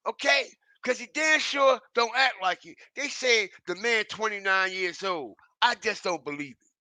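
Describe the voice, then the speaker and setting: High, bright-voiced man ranting. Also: normal speed, no echo. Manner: emphatic, repetitive, keeps checking in with the audience; profane and mocking. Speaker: online commentator. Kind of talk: ranting commentary vlog.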